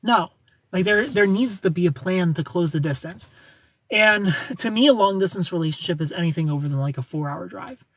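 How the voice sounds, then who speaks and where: A young man with a Southern US accent hosts a casual livestream, teasing and greeting viewers by name. His voice sits a little higher than most men's. The sound is dry and close, with no room echo. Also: fairly quick, fairly bright tone. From United States. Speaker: livestream host. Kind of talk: casual chat with live viewers.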